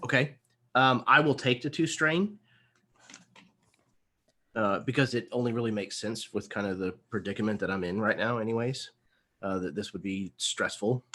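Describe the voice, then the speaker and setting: A man with a lowish voice plays a tabletop game, weighing his options out loud with frequent ums. He then lays out what his character does. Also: moderate pace, pauses often. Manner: hesitant, many ums, talks through options. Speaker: player.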